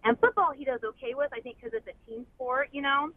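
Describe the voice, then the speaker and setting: A woman's voice: high-pitched, expressive, a little fast. A woman in her thirties calls in to a radio show, rambling and hesitant, full of ums and likes. Her voice comes through a narrow telephone line with a faint hiss behind it. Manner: rambling, hesitant, many fillers. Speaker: caller, mother. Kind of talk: phone-in conversation. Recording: phone line with faint noise.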